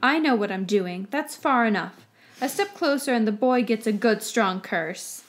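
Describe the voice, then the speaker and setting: A woman voicing a nervous, scheming male wizard minister who talks quickly and tries to hide the tremble in his voice. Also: a little high, lively intonation, natural voice. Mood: nervous bluster. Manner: speaks quickly, hiding nerves. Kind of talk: dramatic audiobook-style reading.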